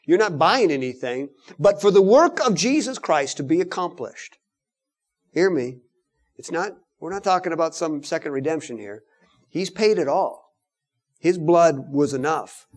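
Male preacher, lively sermon delivery with big pitch swings, slow measured pace. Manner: animated preaching, swinging from loud to hushed.

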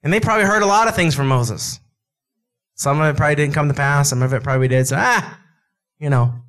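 Animated male preacher acting out scripture. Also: on the high side, fast. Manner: animated, acts out dialogue with God and Moses; conversational, with asides and laughs. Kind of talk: sermon.

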